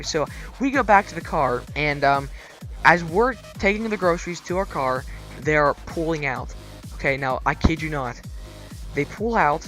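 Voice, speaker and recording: Brief: teen male vlogger, bright voice, excitable storyteller, faint music underneath. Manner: animated, gets louder and higher as the story builds.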